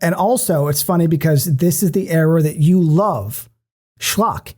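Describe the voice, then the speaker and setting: Mellow-voiced man ranting with animated swearing. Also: a little high, unhurried. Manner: animated, swears freely, many restarts. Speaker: podcast co-host. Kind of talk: casual movie-discussion chat.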